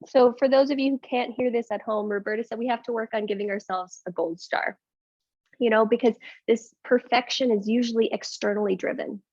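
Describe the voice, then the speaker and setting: Woman yoga instructor, higher voice, candid and calm, talking a class through breathwork; dull dry lo-fi audio. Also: no room sound. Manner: calm, breath-led cueing; candid, rambling asides. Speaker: yoga teacher.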